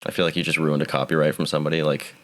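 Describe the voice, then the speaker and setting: A man's voice: extremely low pitch, flat delivery, very fast, fairly bright tone. A man co-hosting a podcast, teasing and sarcastic, swearing casually. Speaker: podcast co-host. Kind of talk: casual chat. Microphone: webcam setup.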